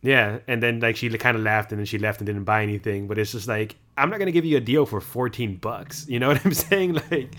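A man's voice: medium pitch, a little fast, few pauses, fairly bright tone. A man who runs a small business selling at events, talking easily in a casual chat and joining in with agreement and jokes. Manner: laid-back, chiming in with agreement and jokes.

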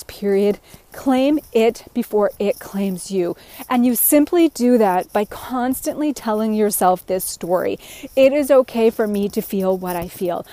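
A woman's voice: on the high side, darkish tone, dry recording. A woman giving an earnest, encouraging self-help talk, speaking in long run-on sentences as a life coach. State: a bit out of breath.

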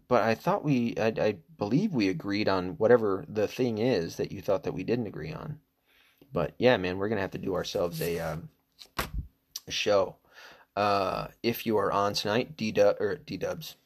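A middle-aged man hosting a podcast, talking in a crude, rambling, casual monologue and laughing at himself. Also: on the low side. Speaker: podcast host.

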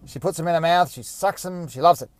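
A man's voice: a little high, quick pace, dry recording. Rambling, self-mocking male podcast host. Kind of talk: casual solo podcast monologue.

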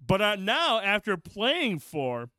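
A man's voice: high-pitched, huge pitch swings, slow pace, bright, forceful tone, dry recording, studio quality. A man co-hosting a podcast, chatting casually and telling rambling, profane stories. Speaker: podcast co-host. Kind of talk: casual chat.

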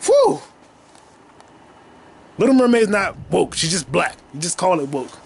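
A man in his twenties hosting a solo comedy podcast from his childhood bedroom, rambling and profane, now and then breaking into loud shouting. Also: high voice, big pitch swings, a little slow, creaky, husky. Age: 20s. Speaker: podcast host.

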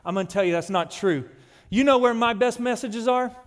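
A man preaching a sermon as pastor, emphatic and slowing down on key phrases. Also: extremely high pitch. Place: church sanctuary. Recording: long hall reverb.

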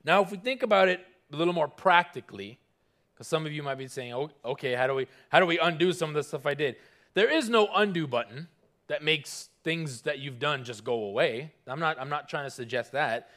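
A man preaching a sermon, earnest and emphatic, repeating key phrases and slowing down when he reads scripture. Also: fairly high pitch, lively intonation, fairly bright tone. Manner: earnest, emphatic preaching with repetition and audience call-and-response; slows down on scripture, stressing single words. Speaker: pastor.

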